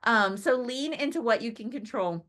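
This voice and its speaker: A woman's voice: a little high, normal speed, a bit bright. A woman giving a chatty motivational business training talk, often laughing and checking in with her listeners by asking "right?".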